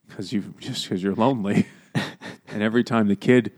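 A man's voice: lowish voice, measured pace, a little mellow. A man co-hosting a casual podcast chat, laughing often and swearing while recapping a book. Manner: laughing often, swearing, jumping into silly voices. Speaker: podcast co-host.

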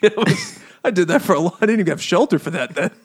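A man's voice: sits high, very animated, fast talker, slightly rough. A man co-hosting a book podcast, rambling through the plot with crude jokes, laughing often and putting on voices for the characters. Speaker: podcast co-host. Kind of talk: crude comedic book chat.

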